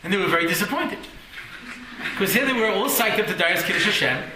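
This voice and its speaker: A man's voice: sits high, animated, fast, reverberant, noisy background. A man teaching a Torah class, telling stories with jokes and acted-out voices and often checking in with "yeah?".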